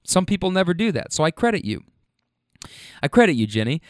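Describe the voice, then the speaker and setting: Animated, frank man with a dry sound. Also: on the high side, a little fast, dry recording. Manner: animated, frank, swears freely. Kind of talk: casual monologue retelling a conversation.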